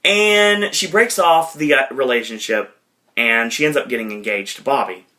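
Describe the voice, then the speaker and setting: A man's voice: mid-range voice, moderate pace, pushed and bright. A man hosting a podcast, casually retelling a film scene by scene, rambling with many fillers and correcting himself as he goes. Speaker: podcast host.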